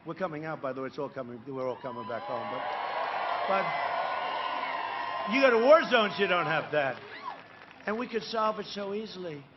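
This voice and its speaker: Higher-pitched man giving a rambling rally speech. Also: lively intonation, normal speed, pauses often, muffled recording, background noise. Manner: rambling, repetitive, full of asides and tag questions to the crowd; boastful, emphatic, with sudden loud bursts. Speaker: political candidate addressing a rally crowd.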